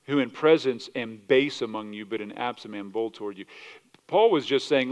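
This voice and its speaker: A male pastor preaching a sermon, animated, asking rhetorical questions and often restarting his words. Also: mid-range voice, moderate pace. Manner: animated, rhetorical questions, acts out quoted voices; repeats words and restarts mid-sentence.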